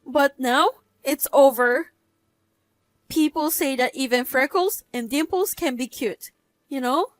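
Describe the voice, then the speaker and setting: A woman's voice: high voice, a little slow, dry recording. A woman in her thirties narrating her own story in a cold, cutting, matter-of-fact way. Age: 30s. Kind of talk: first-person story narration.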